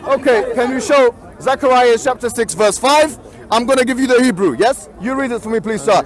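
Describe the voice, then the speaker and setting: A man with a very high voice holds forth in a heated outdoor street debate. He is insistent and keeps repeating himself to keep control. A crowd murmurs steadily behind him in the open air. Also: brisk. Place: outdoor public speaking corner in a city park.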